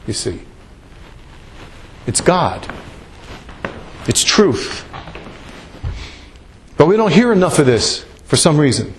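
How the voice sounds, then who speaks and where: A man's voice: on the high side, very animated, takes it slowly, pauses often, slight background noise. A man preaching a sermon in a loose, conversational way, with asides and repeated words. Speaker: pastor. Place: church.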